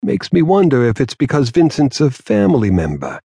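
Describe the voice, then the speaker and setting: Man playing a raspy aging mafia don, slow, patient, menacing, raised husky voice. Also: mid-range voice, huge pitch swings, warm tone, no echo, studio quality, pitched above the performer's own voice, exaggerated voice. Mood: brooding. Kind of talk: audiobook character voice.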